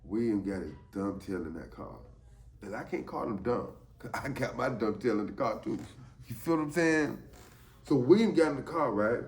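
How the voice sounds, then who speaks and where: A man telling a story from his time in jail, animated and emphatic, often asking "you know what I'm saying". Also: mid-range voice, moderate pace, echoey room. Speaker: storyteller, former inmate. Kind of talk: casual spoken storytelling.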